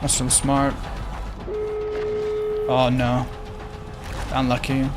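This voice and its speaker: A man's voice: medium pitch, monotone, extremely slow, loud music behind the voice. A young man streaming live gameplay commentary, swearing a lot and breaking into frustrated outbursts. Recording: noisy stream with game sound.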